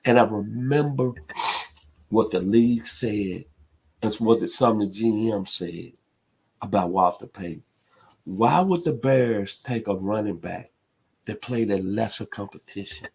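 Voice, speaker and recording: A man's voice: fairly low pitch, unhurried, gravelly, breathy edge. A middle-aged man from Memphis, hosting a sports talk radio show in an impassioned, emphatic monologue. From Memphis, Tennessee. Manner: impassioned, emphatic, builds to loud peaks.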